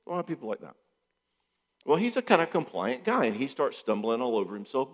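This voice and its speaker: A man gives a counseling talk to an audience with a lively, animated delivery. He slips into other voices to act out bits of dialogue. His mid-pitched voice carries a long reverb from the hall. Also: quick pace. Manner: animated, acts out quoted dialogue.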